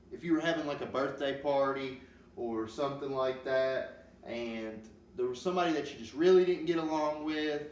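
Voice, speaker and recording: Male teacher, patient, halting delivery full of ums, far from the mic in a roomy space with faint hiss. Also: a little high. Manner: slow, patient explaining with many ums. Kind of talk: classroom grammar lesson.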